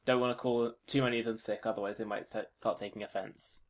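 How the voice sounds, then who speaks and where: A man's voice: fairly low pitch, fairly even intonation, fast. A man narrating a tabletop role-playing game as game master, joking and laughing often.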